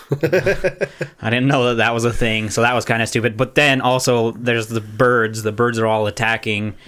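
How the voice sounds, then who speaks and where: A man's voice: medium pitch, normal speed, a bit bright. A man co-hosting a podcast in casual chat, rambling and laughing often, with many restarts. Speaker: podcast co-host.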